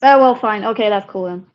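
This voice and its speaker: A woman from Sweden with a Swedish accent, a herpetologist talking casually as an interview guest, chatty and quick to laugh. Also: mid-range voice, highs cut off. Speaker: guest, herpetologist and venomous snake keeper.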